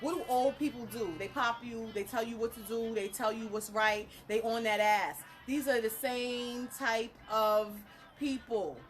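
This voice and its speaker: A woman, a spiritual reader talking casually to her viewers, animated and blunt, laughing through her stories. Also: fairly high pitch, a little slow, faint music behind. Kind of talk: casual live talk to viewers.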